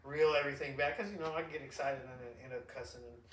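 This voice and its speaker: A middle-aged man hosting a podcast, an animated storyteller who rambles, restarts and laughs often in casual chat. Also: mid-range voice, fast talker, slight background noise. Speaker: podcast host. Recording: roomy echo, distant mic.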